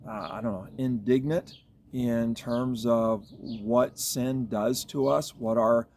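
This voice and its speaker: A man's voice: medium pitch, steady tone, slow, a little mellow, a little hiss or hum. A man giving a devotional Bible reflection as a pastor, thinking aloud in a reflective way with fillers and restarts.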